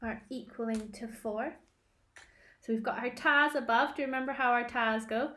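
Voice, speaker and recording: A woman from Scotland, a music tutor, teaching a children's rhythm lesson to the camera at home in a slow, clear and encouraging way. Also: on the high side, steady tone, a bit bright.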